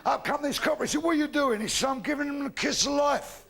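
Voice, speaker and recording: A man's voice: extremely high pitch, fast, creaky, a bit bright. A middle-aged man doing a crude, punchy live stand-up comedy routine with plenty of swearing. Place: stage before a live audience. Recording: live show with crowd laughter.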